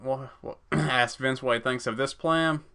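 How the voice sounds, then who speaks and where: Brief: male let's-play gamer, clear and bright, casual swearing while reading. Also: mid-range voice, measured pace. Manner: casual, swears, stumbles over words. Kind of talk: reading a text game aloud with reactions.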